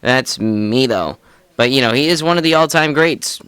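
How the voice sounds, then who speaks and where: Excitable profane young man, bright voice. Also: medium pitch, moderate pace, clear, resonant tone, no echo. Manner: excitable, profane, laughs often. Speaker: podcast co-host. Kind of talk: casual sports chat.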